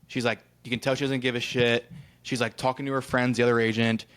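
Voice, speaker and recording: Speaking quickly in a flat, medium-pitched voice that's clear, resonant, and slightly bright, this Ohio man co-hosts a podcast. He spins a meandering travel tale in loose conversation, voicing the quoted exchanges himself and tossing in the odd swear word.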